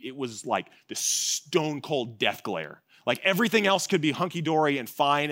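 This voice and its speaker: A male pastor preaching a sermon at an evening church service, swinging between loud, emphatic repetition and soft, hushed passages. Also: mid-range voice, dry recording, studio quality.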